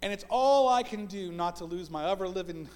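A man with a very high voice preaches to his congregation, moving between loud, emphatic bursts and quiet, hushed asides. He talks in a plain, conversational way and stacks up repeated phrases. A long church reverb trails after his words. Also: animated, brisk. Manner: repetitive, list-like delivery. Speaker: pastor. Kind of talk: sermon. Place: church sanctuary.

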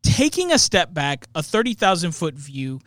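A man's voice: a little high, sing-song, normal speed, fairly bright tone, dry recording, studio quality. A man co-hosting a casual movie review podcast, rambling and often tagging his points with "right?". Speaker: podcast co-host.

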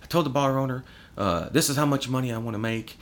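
A man of medium pitch talks quickly as a guest on a podcast. Chatting casually, he spins animated stories laced with swearing and acted-out dialogue.

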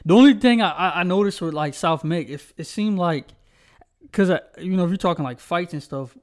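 A man's voice: sits high, a little fast. A young man co-hosting a podcast, telling stories in a rambling casual way, full of fillers. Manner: rambling storytelling with many fillers. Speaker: podcast co-host. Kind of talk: casual chat.

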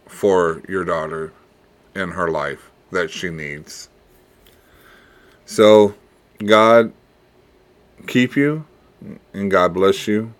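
A man hosting his own podcast, talking in a reflective, rambling way with pauses and repeats, earnest and fatherly, and ending with blessings. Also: low-pitched. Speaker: podcast host. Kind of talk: casual solo podcast monologue.

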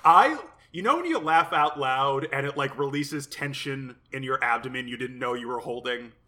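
A man chatting as a podcast co-host in a camp, playful way. His voice is bright and clear, and he drags out words for emphasis. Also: medium pitch, animated, moderate pace. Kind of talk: casual chat.

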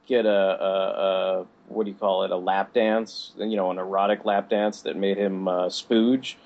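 Man, podcast co-host, low voice, rambling, word-searching, dull lo-fi audio. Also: level tone, measured pace, darkish tone. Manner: rambling, searches for words, laughs. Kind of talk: casual podcast chat.

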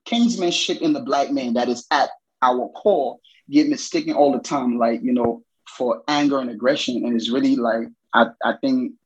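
A man's voice: medium pitch, husky, lo-fi sound. Passionate man in casual faith talk. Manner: passionate, projecting, many fillers. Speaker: podcast co-host.

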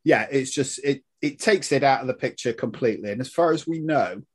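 Husky man telling history. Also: medium pitch, a little fast. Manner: animated, laughs at his own points, swears. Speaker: guest historian. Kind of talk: casual podcast chat.

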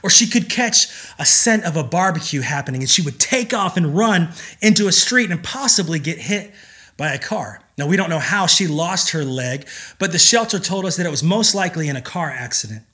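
Bright-voiced man preaching a sermon. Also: on the high side, expressive. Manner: earnest, emphatic preaching with dramatic pauses. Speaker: pastor.

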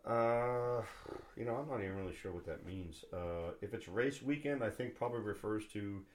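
A man's voice: on the low side, moderate pace. A middle-aged man from New England with a Boston-area accent, hosting a podcast in casual, rambling chat full of fillers and restarts. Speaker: podcast host.

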